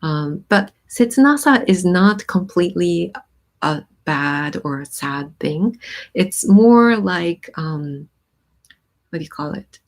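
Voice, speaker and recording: A woman hosting a casual live stream, reading song lyrics and explaining their meaning with many pauses and "um"s. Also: lowish voice, animated. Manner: thoughtful, pauses with many "um"s, reads lyrics aloud then explains.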